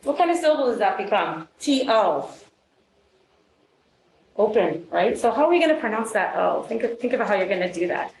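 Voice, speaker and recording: A woman teacher leading a classroom phonics demonstration with brisk quizzing questions and quick praise. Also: mid-range voice, sing-song, darkish tone, slight background noise. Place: meeting room. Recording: echoey room.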